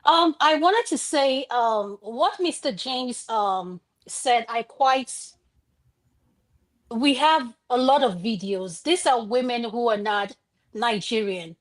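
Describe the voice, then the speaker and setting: High-voiced woman giving blunt opinions. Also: expressive, takes it slowly. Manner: opinionated, direct. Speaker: panelist.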